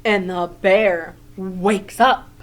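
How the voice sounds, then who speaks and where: A woman teacher reading a picture book aloud to children in a gentle way, pausing to comment and ask questions. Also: medium pitch, steady tone.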